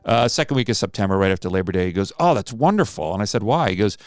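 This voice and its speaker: A man who runs a charity golf tournament, telling an animated story and acting out the lines of the people in it. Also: on the low side, fast talker, no echo. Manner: animated anecdote-teller, acts out quoted dialogue. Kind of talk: recorded interview storytelling.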